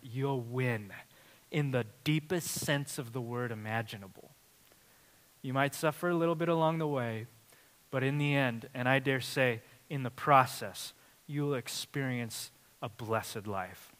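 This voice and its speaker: Pastor guy preaching, bright forceful voice, kinda high, big hall echo. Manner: animated preaching, swinging from loud emphasis to quiet intimacy. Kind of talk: sermon. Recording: long hall reverb.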